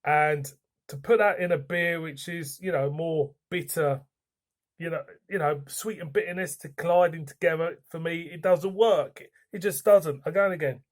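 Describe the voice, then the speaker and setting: A man's voice: a little high, normal speed. A man giving a blunt, frank beer review in a casual vlog, swearing now and then.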